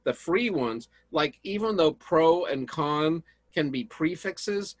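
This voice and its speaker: A man teaching a recorded lecture, explaining slowly and addressing students directly. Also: fairly high pitch, expressive, dry recording. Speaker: instructor.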